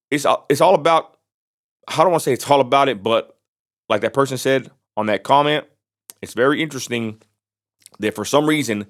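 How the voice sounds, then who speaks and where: Man, blunt combative vlog rant, mid-pitched voice, repeats himself. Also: fairly bright tone. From Texas. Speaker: vlogger. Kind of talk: ranting vlog monologue.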